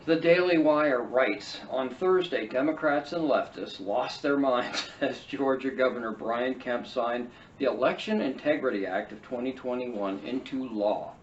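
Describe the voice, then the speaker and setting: A man's voice: medium pitch, a little slow. A man hosting a political podcast, reading an article aloud and cutting in with sarcastic, mocking asides. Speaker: podcast host. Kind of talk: read-and-react political commentary. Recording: roomy, distant, dull lo-fi sound with faint hiss.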